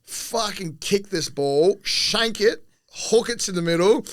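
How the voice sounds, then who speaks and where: Swearing man with a higher voice. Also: animated, slow. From Australia. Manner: profane, rambling, often laughing mid-sentence. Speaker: former rugby league player, podcast guest. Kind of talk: casual podcast chat, telling stories.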